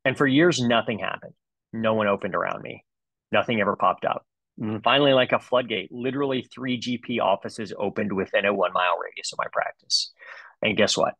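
A man's voice: fairly low pitch, brisk, gravelly, fairly bright tone, dry recording, low-quality recording. A man in his forties, a dentist, giving a comedic webinar talk with playful, exaggerated storytelling. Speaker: dentist presenter.

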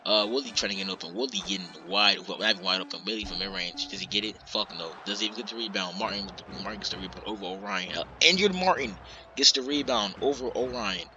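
A young man giving casual, excitable play-by-play commentary on a basketball game, swearing and trash-talking the players. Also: lowish voice, fast talker. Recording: slightly muffled lo-fi audio, faint background noise.

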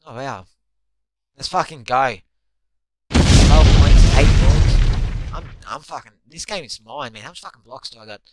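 Excitable young man swearing at a game. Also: mid-range voice, fairly quick, heavy background noise. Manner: excitable, swears constantly, shouts at teammates. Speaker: gamer. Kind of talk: live gameplay commentary.

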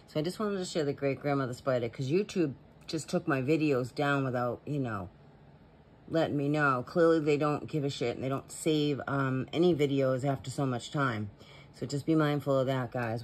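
A man's voice: medium pitch, a little hiss or hum. A man in a casual vlog voice-over, talking in an earnest, rambling way as a paranormal vlogger.

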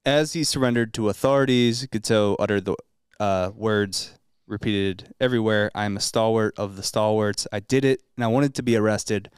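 A man's voice: lowish voice, moderate pace, smooth, no room sound. A man hosting a comedic history podcast, reading the story aloud and cutting in with dry asides. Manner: reads narration aloud, then cracks dry asides. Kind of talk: reading notes in casual chat.

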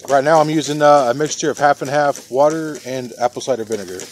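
Over a little hiss or hum, a man with a mid-range voice speaks at a quick pace, hosting a laid-back barbecue vlog outside by a smoker. He's folksy and talkative with his folks and y'all, though the pepper rub sets him coughing.

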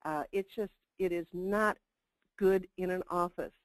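A woman's voice: lowish voice, fairly even intonation, a little slow, dry recording, low-quality recording. An older woman giving a chatty, emphatic customer service webinar talk with asides. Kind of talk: webinar presentation.

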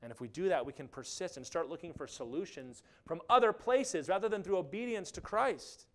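A man preaching a sermon as pastor, animated and acting out quotes along the way. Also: high voice, fairly quick. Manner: animated, acts out quotes and asides.

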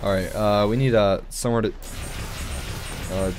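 A young man giving casual gameplay commentary, excitable and swearing, with sudden loud outbursts. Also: on the low side, moderate pace, a little hiss or hum. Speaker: gaming channel host.

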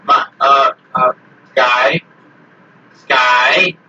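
A man's voice: mid-range voice, fairly even intonation, extremely slow. A man chatting casually while playing an online game, joking and mocking himself. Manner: joking, self-mocking, laughs often. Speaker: gamer. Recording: distant lo-fi mic with faint hiss.

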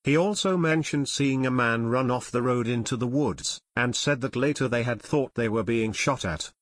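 A man narrating an unabridged audiobook, telling the story with expressive suspense. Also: medium pitch, normal speed.

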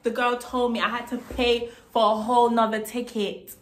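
A young woman vlogger telling a story to camera in a casual, indignant, animated way, swearing freely as she goes. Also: fairly high pitch, normal speed, background noise. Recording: roomy echo.

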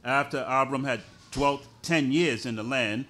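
Male scripture reader, measured and careful, bright voice. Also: medium pitch. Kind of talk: reading scripture aloud.

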